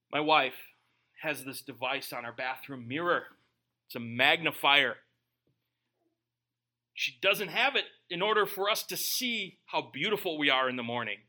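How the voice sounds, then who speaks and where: A male pastor with a high, bright, forceful voice preaches a sermon to a live congregation in church. He reads scripture aloud and breaks in with joking, conversational asides. The recording is rough.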